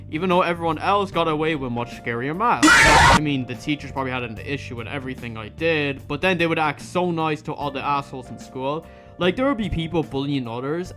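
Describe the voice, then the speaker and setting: Animated Irish young-man vlogger, ranting school stories; high, lively voice over faint music. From Ireland. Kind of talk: storytime vlog.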